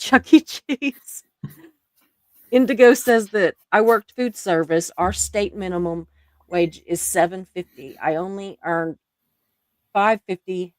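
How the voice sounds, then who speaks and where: A woman's voice: lowish voice, darkish tone, no room sound, studio quality. A woman with an accent hosting a live stream, reading viewer comments aloud and laughing often. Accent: non-native English accent.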